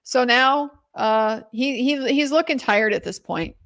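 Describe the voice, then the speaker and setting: A woman's voice: fairly high pitch, measured pace, fairly bright tone. Chatty woman recapping a trial. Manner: chatty, with restarts and "like" quotes. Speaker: trial commentator. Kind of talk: casual recap.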